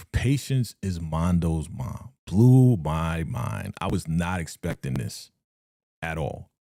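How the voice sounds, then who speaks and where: A man reacting live to a TV episode, his pitch swinging up and down as he gets worked up. He talks in loose slang, laughs, and acts out the characters' lines. His voice is mellow and close, with a dry sound. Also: expressive, slow, gravelly, no echo. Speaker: reaction streamer.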